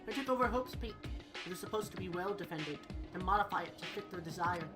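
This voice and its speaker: A cold, arrogant rich young man, voiced by a woman, pitched lower than her own voice and clipped. His lines come out flat and condescending over game music. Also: quick pace, lightly acted.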